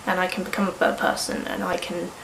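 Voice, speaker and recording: A woman's voice: on the low side, little pitch movement, quick pace, creaky, fairly bright tone, echoey room, a little hiss or hum, low-quality recording. A woman in her early twenties with a cold, vlogging in a frank, rambling way and swearing casually. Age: early 20s. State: sniffly with a cold. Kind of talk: candid personal vlog.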